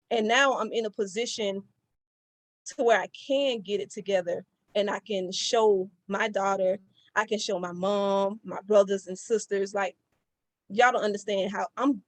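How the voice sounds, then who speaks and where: Woman, excited testimony, higher voice, dry close sound. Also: normal speed, dry recording. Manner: animated, colloquial, incredulous exclamations. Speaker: member giving a testimony.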